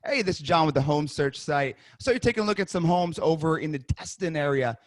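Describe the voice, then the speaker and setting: A man runs a sales coaching session over a video call, role-playing an agent in an upbeat, conversational way. His voice sits somewhat high for a man. The sound is dry and close. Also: expressive, dry recording. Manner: upbeat, conversational, rapid restarts. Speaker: real estate sales coach.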